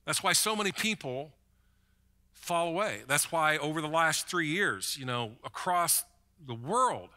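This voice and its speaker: A man's voice: a little high, animated, a little slow, sharp tone. A man preaching a sermon as pastor, in a conversational way, often repeating a word as he starts a thought.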